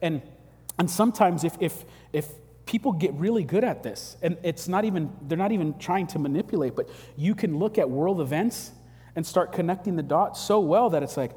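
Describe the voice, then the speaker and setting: A man preaching a sermon, telling stories with animated, acted-out quotes. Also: a little high, moderate pace, long reverb tail. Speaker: pastor. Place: church hall.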